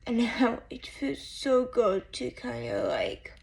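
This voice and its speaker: Woman, vlogger, tearful, halting, slow delivery, fry in the voice. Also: fairly high pitch, darkish tone. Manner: halting, emotional, repeats herself. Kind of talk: casual chat to camera.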